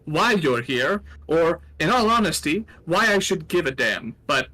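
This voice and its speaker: A man putting on an older gnome inventor, curt and impatient, who snaps out his questions in a raised, tight voice. The voice sits a little higher than an everyday speaking voice. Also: big pitch swings, a little slow, pushed and bright, exaggerated voice, poor audio. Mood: brusque.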